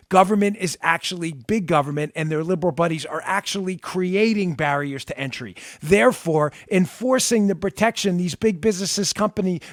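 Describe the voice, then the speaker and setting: A man hosting a political talk show, delivering an emphatic, sarcastic monologue that swings between loud and quiet, on a close studio mic. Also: high-pitched, dry recording. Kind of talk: opinionated talk radio monologue.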